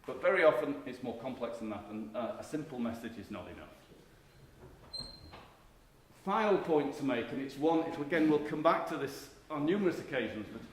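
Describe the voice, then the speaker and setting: In a conference hall, a middle-aged man gives the keynote lecture as a marketing professor. His delivery is conversational and emphatic, with many restarts, in a sing-song mid-range voice at a moderate pace. Faint background noise and echo come from the hall.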